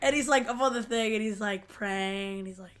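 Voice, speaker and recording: A woman's voice: medium pitch, brisk, fairly bright tone. A young woman co-hosting a podcast, chatting loosely with many fillers and easy giggles. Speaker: podcast co-host. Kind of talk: casual chat.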